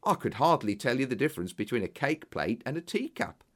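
A man's voice: mid-range voice, very animated, brisk. A man voicing an earnest, modest young clerk in an audiobook. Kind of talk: audiobook character voice.

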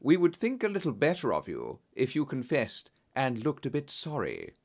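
A man voicing a calm male detective who speaks in a measured, firm way. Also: medium pitch, gravelly, exaggerated voice. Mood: accusing.

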